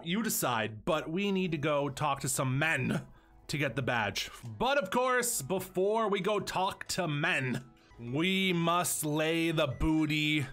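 Young dude streamer cracking crude jokes, high voice that bounces all over, faint game music under it. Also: male voice, a bit bright. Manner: crude, joking, profane banter. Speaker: let's play streamer. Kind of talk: casual gameplay commentary.

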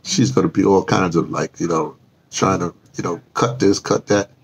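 Outdoors in the cold, an older man vlogger rambles through a live stream, drifting off topic, correcting himself and dropping chuckling asides. His low-pitched voice is steady, creaky and moderately paced.

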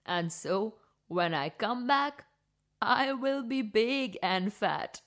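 A woman voicing a timid but clever old woman who pleads softly. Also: a little high, animated, takes it slowly, full character voice. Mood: pleading.

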